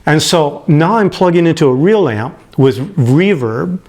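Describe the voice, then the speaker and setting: A man's voice: on the high side, measured pace. Man in his late 50s, heartfelt storyteller. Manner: animated, acts out the people he quotes, chuckles as he talks; gets emotional. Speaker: guitar owner telling his story. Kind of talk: personal storytelling to camera.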